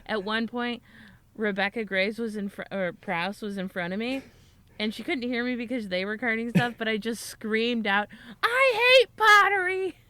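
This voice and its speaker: Young female podcast co-host, smooth clean tone, casual rambling storyteller, swears a lot. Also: mid-range voice, fairly even intonation, normal speed, fairly bright tone. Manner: rambling, swears freely, laughs often. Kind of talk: casual chat.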